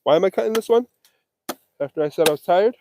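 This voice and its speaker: A high-voiced man talks fast in a darkish tone, joking about himself as he works outdoors and catches his breath, sweaty and winded. He's streaming a casual live vlog on a phone he holds or carries around a windy farm. Slight background noise is present.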